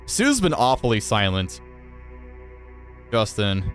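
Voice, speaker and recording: An excitable man playing through a role-playing game, reading the characters' lines aloud and commenting as he goes. His voice is mid-pitched but swings widely, leaping high when he is alarmed. Faint music plays behind him. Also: moderate pace. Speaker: let's play host.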